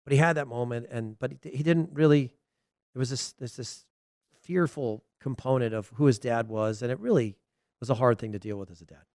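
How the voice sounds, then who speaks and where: A middle-aged man hosting a podcast on his own, talking in a mid-pitched voice that sits right in the middle of the male range. He rambles through anecdotes and match talk, restarting his sentences as he goes. The recording is dry and close, with almost no room sound. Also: brisk, darkish tone, no echo. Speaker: podcast host. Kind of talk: casual solo podcast talk.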